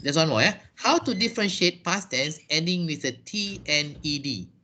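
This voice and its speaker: A Malaysian man with a fairly high, bright voice teaches English over a video call. He is patient and takes learners' questions one at a time, spelling words out and explaining slowly. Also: lively intonation. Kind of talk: online class Q&A.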